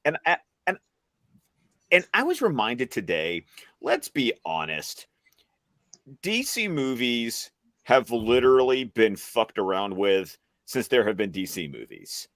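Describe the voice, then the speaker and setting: A man's voice: mid-range voice, sing-song, a little slow, fairly bright tone, no room sound. Ranting man on a dry mic, swearing freely. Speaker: panel guest. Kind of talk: casual panel chat.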